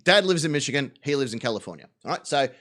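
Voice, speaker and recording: A man hosting a live talk show, telling a story with lots of swearing and quick character voices. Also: medium pitch. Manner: animated, profane storyteller doing quick voices.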